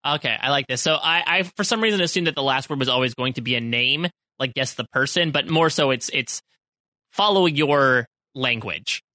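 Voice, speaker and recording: A man co-hosts a casual podcast, chatting and cracking jokes. His voice is bright and forceful, and the recording is dry and close. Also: medium pitch, normal speed, no room sound. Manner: joking, chatty. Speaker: podcast co-host.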